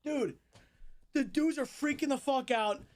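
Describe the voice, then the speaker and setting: Swearing freely, this high-voiced young man recounts a wild tale for the viewers of his live stream. His delivery is animated and casual, bouncing from rapid-fire narration to sudden loud outbursts.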